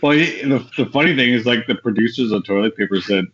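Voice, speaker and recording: A man's voice: medium pitch, quick pace, fairly bright tone, a little hiss or hum. A man co-hosting a casual podcast, explaining things and laughing often. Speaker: podcast co-host. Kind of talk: casual chat. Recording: dull lo-fi remote audio.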